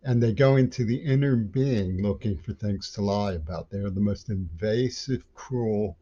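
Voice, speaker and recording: A man with a low, dark voice rants angrily in a long monologue, stumbling and restarting his sentences. The recording is dull and lo-fi. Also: normal speed, breathy edge. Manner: angry, rambling, stumbling restarts. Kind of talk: ranting monologue. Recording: dull lo-fi audio.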